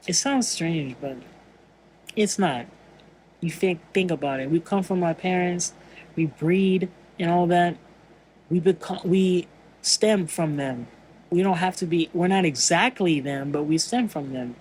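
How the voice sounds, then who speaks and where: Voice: mid-range voice, darkish tone, a little hiss or hum, rough recording. A vlogger in a casual spiritual monologue, earnest and musing, often searching for words and restarting sentences.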